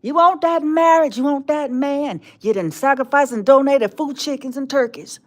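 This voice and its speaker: A woman's voice: sits high, moderate pace. A woman streaming live, delivering a mocking monologue as a tempter, drawling with laughs and whispered asides.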